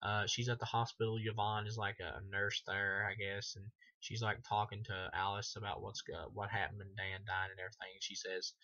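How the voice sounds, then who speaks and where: A man's voice: on the low side, level tone, brisk, hardly any pauses, bright, forceful tone, lo-fi sound. A man giving a casual, rambling film review, full of fillers and swearing. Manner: rambling, heavy filler words, frequent swearing.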